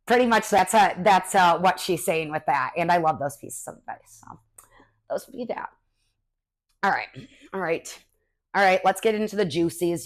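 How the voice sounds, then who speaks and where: A young adult woman hosting a podcast, telling personal stories in a casual, animated way with lots of "like" fillers. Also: medium pitch. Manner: chatty, animated, many "like" fillers. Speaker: podcast host. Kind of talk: casual storytelling chat.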